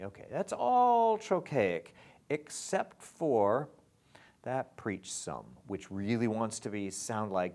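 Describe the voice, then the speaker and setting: A man teaching lyric writing in a recorded lesson, reading lines of verse aloud slowly and tapping out their stresses while he marks them up. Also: medium pitch, very animated, a little mellow.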